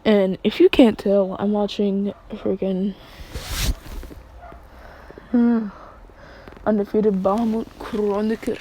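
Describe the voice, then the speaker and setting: A woman's voice: mid-range voice, flat delivery, slow, pauses often, mellow, slight background noise, low-quality recording. A woman casually improvising a story in an offhand, meandering way, with crude jokes.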